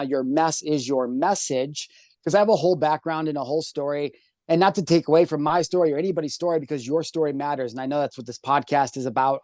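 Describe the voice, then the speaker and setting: A man's voice: on the high side, a little mellow, dry recording, clean studio sound. A man who is a guest on a podcast and a coach, talking with energy and enthusiasm and calling people bro and dude. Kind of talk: casual podcast chat.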